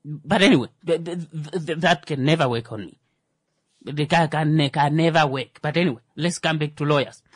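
Male radio host, sarcastic satirical commentary, husky voice, dry close sound. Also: fairly high pitch, normal speed, no room sound. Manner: sarcastic, mock-indignant, stumbling restarts.

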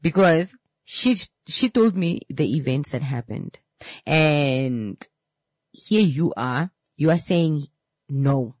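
Husky woman telling a salon story. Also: sits low, slow pace, no echo. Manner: animated, repeats and restarts words. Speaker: beauty salon owner. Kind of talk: casual storytelling to camera.

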